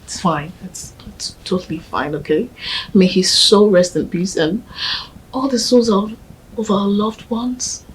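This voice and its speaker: An actress with a Nigerian accent playing a young woman softly comforting her grieving partner in a film. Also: medium pitch, a little slow, slight background noise, lightly acted, rough recording. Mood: tender. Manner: gentle, coaxing, often whispering.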